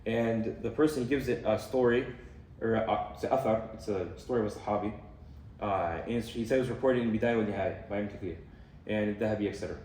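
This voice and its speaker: A young man giving a casual talk on a hadith, explaining in a relaxed way with fillers and Arabic terms. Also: on the low side, fast, slight background noise. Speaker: student speaker on hadith. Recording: echoey room from far off.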